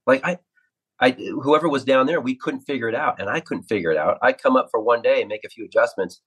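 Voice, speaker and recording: A man in his fifties, a former ballplayer and radio analyst, telling stories from his career in an interview, animated and acting out quotes. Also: mid-range voice, fast, husky, rough recording. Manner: animated anecdotes, acts out quotes. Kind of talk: storytelling interview.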